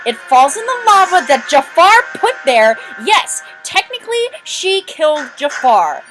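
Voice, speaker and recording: A high-pitched woman talks through a video in casual commentary, chatty and excitable, breaking off into quick asides. Faint music plays behind her. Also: low-quality recording.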